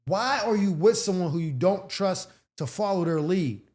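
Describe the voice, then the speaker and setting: A man's voice: sits high, expressive, normal speed, a little mellow. A man hosting an advice show, reading letters and answering them in a blunt, profane, sarcastic way with slang-heavy casual talk. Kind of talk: advice commentary rant.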